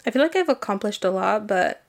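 A woman's voice: mid-range voice, lively intonation, a little fast, vocal fry. A woman co-hosting a podcast in casual chat, leaning on "like" and mixing Spanish phrases into her English. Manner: casual, many "like" fillers, mixes Spanish into English. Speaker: podcast co-host.

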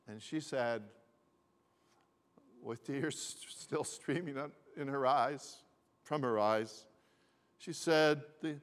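Slow-spoken pastor in a reverberant hall. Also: male voice, mid-range voice. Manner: slow, deliberate storytelling with repetitions. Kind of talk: sermon.

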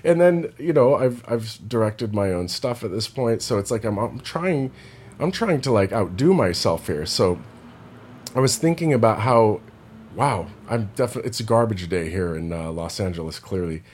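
A man with a lowish voice talks through a relaxed, meandering vlog. His thoughts wander freely and he leans heavily on "like". He sounds unhurried and personal. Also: a little hiss or hum. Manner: loose and meandering, heavy use of "like". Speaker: indie rock singer and vlogger. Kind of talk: casual rambling vlog chat.

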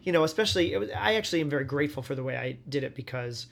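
A man's voice: on the high side, lively intonation, very fast, vocal fry, fairly bright tone, a little hiss or hum. A man in his thirties, a stage actor as interview guest, chatting casually and animatedly, full of "like" and acted-out quotes. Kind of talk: casual conversational storytelling.

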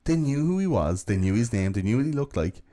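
A man's voice: mid-range voice, very animated, fast talker, mellow. A man hosting a podcast, telling a true-crime story in a casual, profane, joking way. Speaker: podcast host.

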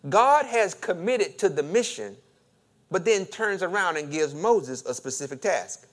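A man's voice: high voice, expressive, measured pace, a bit bright. A man preaching a sermon, reading scripture aloud and joking as he acts out the voices of the story. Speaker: pastor.

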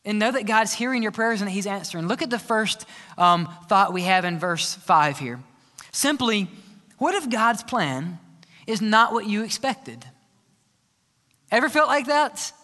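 A man's voice: sits high, lively intonation, measured pace, pushed and bright. A man preaching a sermon as pastor, earnest and emphatic, often asking his listeners questions. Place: church sanctuary. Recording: reverberant church sanctuary.

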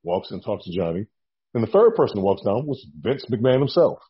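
Male guest, low husky voice, animated storyteller, lo-fi recording. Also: a little fast. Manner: animated storyteller acting out quotes. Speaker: guest, former wrestler. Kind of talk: casual storytelling interview.

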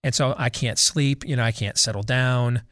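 Here a radio host on a talk show banters loosely with co-hosts, full of restarts and asides, pausing for live ad reads. He has a steady, fairly bright mid-range voice at normal speed, captured dry with studio quality.

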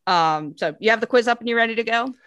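An American woman co-hosting a podcast, her voice bright and forward. She chats easily and reads lists aloud with bouncy lifts, recorded close and dry with no room sound. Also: on the high side, quick pace, clear, resonant tone, no echo, highs cut off. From United States. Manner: chatty, reads lists out with lively rises. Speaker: podcast co-host. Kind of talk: casual chat.

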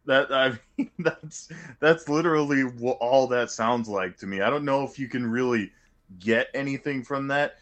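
A man's voice: medium pitch, moderate pace, fairly bright tone. A man co-hosting a casual sports podcast, thinking aloud with stops and repeated words. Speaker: podcast co-host.

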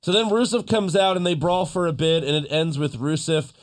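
A man hosting a casual podcast, recapping wrestling with animated storytelling and mocking impressions. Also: on the high side, brisk. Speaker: podcast host.

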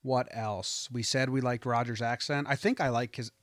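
A man's voice: medium pitch, fairly even intonation, normal speed, dry recording. A man co-hosting a podcast, chatting casually and rambling about a TV show, laughing often. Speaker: podcast co-host.

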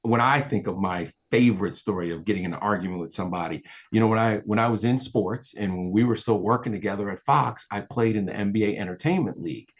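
A man telling a story in casual podcast chat, lively and acting out what people said. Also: quick pace, few pauses, husky, highs cut off. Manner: animated, acts out quotes with big pitch jumps. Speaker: guest, entertainment reporter.

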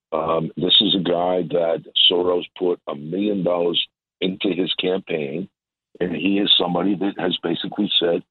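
A man with a low, husky voice drives home his points again and again in forceful political commentary. He comes through a narrow, tinny phone line that sounds dry and close. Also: dry recording. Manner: emphatic, repetitive, indignant. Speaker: guest commentator.

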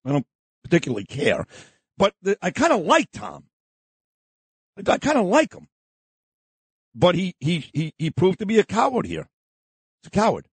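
A man hosting a talk radio show, delivering a combative, opinionated monologue and shouting down those he disagrees with. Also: high-pitched, very animated, a little fast, vocal fry, breathy edge, no echo. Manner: combative, insulting, repeats himself, shouts down opponents.

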